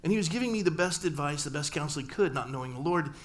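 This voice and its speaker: A man's voice: on the high side, lively intonation, fast. Man preaching a personal story. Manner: storytelling, acting out family dialogue with humor. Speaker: pastor. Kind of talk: sermon. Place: church sanctuary.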